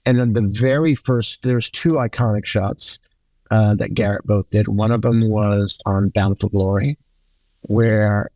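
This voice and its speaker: Older-sounding man telling lively film-set stories. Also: on the low side, normal speed, gravelly, dry recording. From New York. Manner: storytelling, swearing, acts out quotes. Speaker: guest cinematographer. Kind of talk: casual anecdotal interview.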